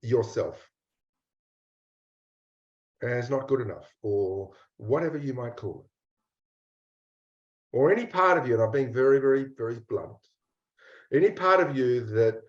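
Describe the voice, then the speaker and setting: Male coach talking slow n soft-spoken, repeats himself, echoey dull recording. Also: mid-range voice, lively intonation. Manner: slow, repetitive, intimate, blunt at times. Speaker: mindset coach. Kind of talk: guided reflection talk.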